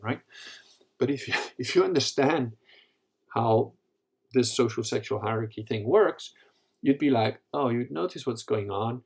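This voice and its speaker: Man, live Q&A host, husky voice, crude, rambling, mid pitch. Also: moderate pace. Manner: crude, rambling, animated storytelling with profanity. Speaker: host answering live questions. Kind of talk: live Q&A talk.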